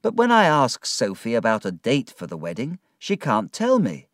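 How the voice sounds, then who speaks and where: A man voicing an earnest, gentle young man in love, speaking in a raised, earnest voice. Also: huge pitch swings, moderate pace, no room sound, clean studio sound. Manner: earnest, raised-pitch delivery.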